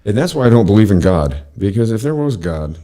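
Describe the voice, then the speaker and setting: Low, mellow man telling rambling stories. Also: sing-song, a little fast. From Pacific Northwest of the US. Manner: rambling, profane, laughs often. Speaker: podcast host. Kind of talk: casual storytelling chat.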